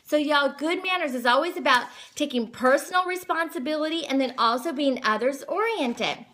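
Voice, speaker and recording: A woman, hosting a home livestream and gently teaching manners, reading aloud slowly to a child. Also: sits high, animated. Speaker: parenting livestream host. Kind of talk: casual teaching to viewers and child. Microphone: phone livestream.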